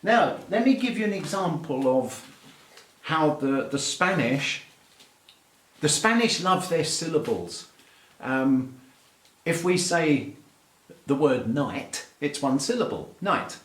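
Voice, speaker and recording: A man's voice: on the high side, big pitch swings, slow, pauses often, roomy sound. A middle-aged English man with an English accent, an aviation English teacher giving a playful, mock-exasperated rant to camera. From England. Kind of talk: light-hearted rant to camera.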